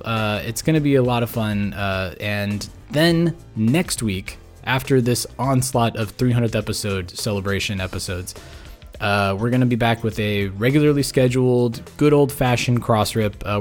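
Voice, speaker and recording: A burned-out, exhausted podcast host with a medium-pitched, slightly mellow voice rambles through a casual sign-off. He uses lots of fillers and restarts and sometimes mumbles.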